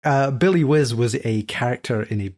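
A man in his fifties chatting on a podcast panel with dry, wry humor. His pitch sits in the middle, and he speaks in an easy conversational flow. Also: moderate pace, darkish tone. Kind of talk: casual chat.

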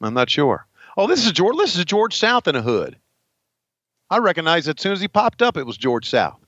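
Joking middle-aged podcast host, bright voice. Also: male voice, a little high, huge pitch swings, moderate pace, dry recording, lo-fi sound. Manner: joking, laughs often. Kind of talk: casual watch-along chat.

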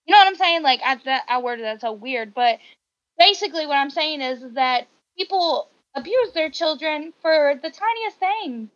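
A woman co-hosting a podcast in casual chat, animated and indignant, her voice rising sharply as she makes her points. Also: high voice, normal speed, no room sound. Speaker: podcast co-host. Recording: dull lo-fi recording.

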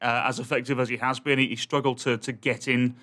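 A man co-hosts a casual soccer podcast. He talks like a commentator and gets animated about how names should be said. He laughs often. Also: medium pitch, quick pace. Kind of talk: casual chat.

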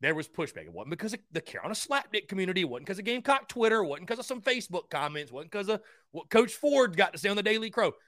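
A young man hosting a call-in sports talk show, high-energy and rambling, often stumbling over his words as he gets worked up. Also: sing-song, racing, a bit bright, no echo, studio quality. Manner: stammering restarts. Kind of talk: call-in sports radio chat.

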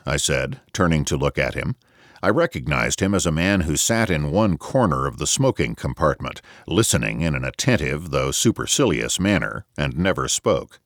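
A man narrates a novel in a deep, low voice, taking his time and telling it with expression. His pitch rises and falls in a lively way from phrase to phrase. The recording is close and dry. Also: moderate pace, no echo. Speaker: audiobook narrator.

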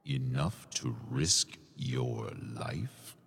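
An actor playing a smug fae ruler in an audio drama, mocking and amused by others' anger. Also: male voice, animated, extremely slow, long reverb tail, full character voice. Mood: scheming. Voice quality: deep, gravelly. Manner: mocking, relishes others' anger, laughs often.

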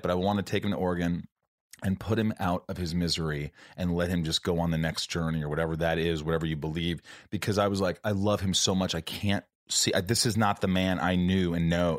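A man's voice: deep voice, dry recording, studio quality. A man hosting an interview, talking candidly and emotionally with casual swearing. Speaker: podcast host.

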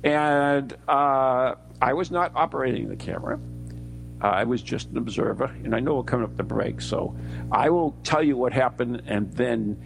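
An American man co-hosting a radio show, telling a story in a rambling, halting way with many fillers. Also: medium pitch, vocal fry, slight background noise. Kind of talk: casual radio banter.

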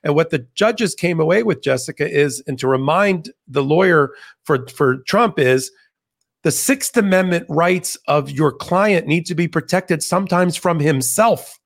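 A man as a legal commentator guest in a conversational interview, explaining points in an animated, argumentative way with frequent restarts. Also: fairly high pitch, measured pace, gravelly.

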